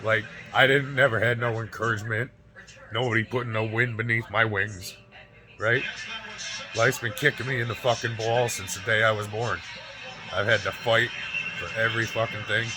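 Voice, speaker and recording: A man's voice: on the low side, steady tone, normal speed, low-quality recording. Emotional, profane man in his forties. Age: 40s. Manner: raw, profane, keeps adding "right?" and "you know?". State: emotional, near tears. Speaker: fitness vlogger. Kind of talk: personal storytelling to camera. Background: music.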